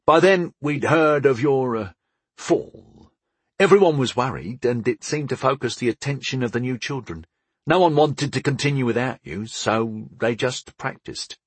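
A man narrating a fantasy audiobook in the first person, expressive and storytelling. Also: medium pitch, moderate pace, breathy edge, no room sound.

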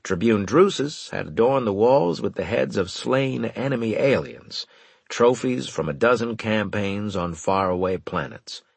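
A man narrating a first-person audiobook with wry, lively storytelling. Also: on the low side, unhurried, creaky, breathy edge, no echo.

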